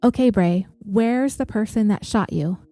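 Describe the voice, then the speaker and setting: A woman voicing a calm emergency dispatcher who asks steady, reassuring questions. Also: mid-range voice, unhurried, dry recording, faint music behind, lightly acted. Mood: steady questioning.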